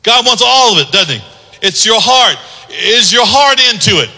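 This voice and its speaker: A male pastor preaching in a church sanctuary, with a high, very bright, cutting voice. He moves from quiet teaching to loud, rising exhortation. A long hall reverb trails his words. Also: very animated, normal speed. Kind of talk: sermon.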